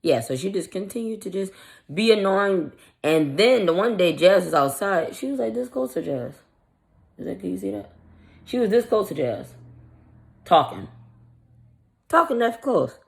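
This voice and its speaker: A woman's voice: medium pitch, normal speed, vocal fry, pauses often. A woman vlogger casually telling a story in a blunt, profane, irritated way, acting out the quoted dialogue. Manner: animated, acts out the quoted dialogue.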